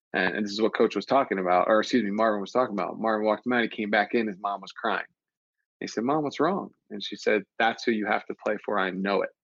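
Low-voiced guy chatting earnestly, muffled dry audio. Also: a bit bright, no room sound. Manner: earnest, reflective, many restarts. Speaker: podcast guest, former player. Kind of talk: casual chat.

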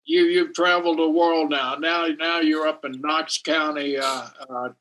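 A man whose voice sits slightly above average pitch. As host of a casual interview, he asks long, rambling questions, often restarting mid-phrase. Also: steady tone, measured pace, a bit bright, low-quality recording.

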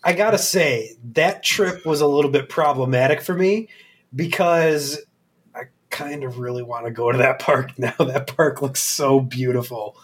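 A man's voice: mid-range voice, normal speed. A man co-hosting a podcast in casual chat, easygoing and laughing. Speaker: podcast co-host.

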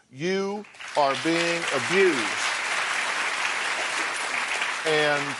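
Blunt lecturing talk show host. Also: male voice, a little high, animated, a little slow, a crowd in the background, background noise. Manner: blunt, lecturing, repeats points for emphasis. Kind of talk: confrontational talk show counseling.

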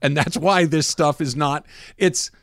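A man's voice: fairly high pitch, steady tone, a little slow, a bit bright, no room sound. Male radio host, casual sports banter, emphatic, dry close mic. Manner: emphatic, repeats points.

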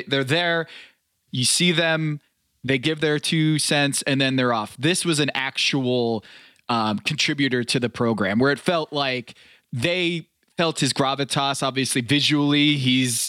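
A man's voice: medium pitch, pushed and bright, dry recording, studio quality. A man co-hosting a podcast, chatting casually and rambling into sports comparisons. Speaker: podcast co-host. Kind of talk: casual recap chat.

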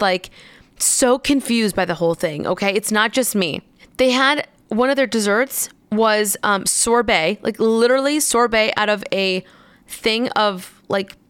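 Exasperated woman telling a story, smooth voice. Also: mid-range voice, no echo. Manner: animated, exasperated, swearing, many fillers. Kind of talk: casual storytelling.

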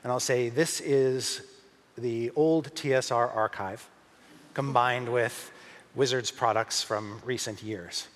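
A man running a tabletop game as dungeon master, describing scenes in a relaxed way with many fillers. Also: mid-range voice, takes it slowly, big-room sound.

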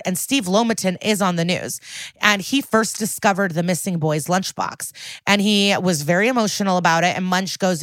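A woman's voice: mid-range voice, a bit bright, dry recording. A young woman co-hosting a podcast, casually recapping a TV episode, storytelling with quoted lines, laughs and swearing. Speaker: podcast co-host.

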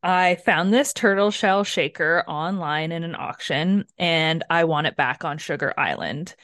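A woman with a lowish voice chats casually on a book club podcast, recapping the story with animated energy and plenty of swearing. The recording is dry and close, with almost no room sound. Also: a little slow, dry recording. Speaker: podcast co-host.

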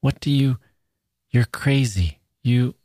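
A man's voice: fairly low pitch, measured pace, mellow, slightly rough, no echo, studio quality. A man reading aloud voices a frightened teenage girl, tense and pleading.

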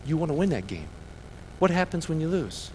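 A man, the pastor of a church, preaching a sermon that swings from fired-up bursts to quiet, personal asides. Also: a little high, a little fast, slight background noise. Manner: preaching with rising excitement and quieter reflective asides.

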